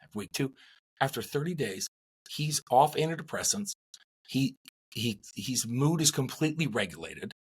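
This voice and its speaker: A middle-aged man in casual podcast chat, animated and rambling, with many restarts. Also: mid-range voice, moderate pace, slightly rough. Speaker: podcast co-host.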